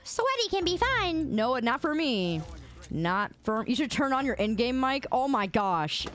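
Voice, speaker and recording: At a measured pace, a woman with a slightly high, animated voice chats casually with viewers while streaming a game. She's playful and teasing, often repeating words in sing-song bursts.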